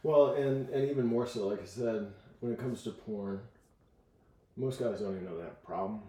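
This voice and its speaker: A man coaching in a casual podcast conversation, telling stories with lively acted-out quotes. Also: on the low side, moderate pace, roomy sound. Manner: animated storyteller, acts out voices in quotes.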